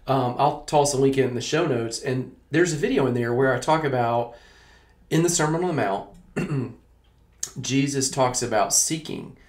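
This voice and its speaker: A man's voice: medium pitch, moderate pace, darkish tone. A man hosting a podcast, chatting casually about faith, dropping jokes and then reflecting. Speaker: podcast host. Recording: roomy, echoey sound.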